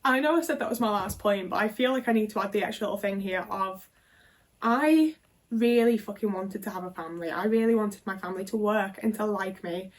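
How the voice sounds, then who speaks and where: A woman's voice: mid-range voice, a little fast. A woman in her twenties, telling a personal story frankly and casually, swearing often and filling with "like". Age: 20s. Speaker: vlogger.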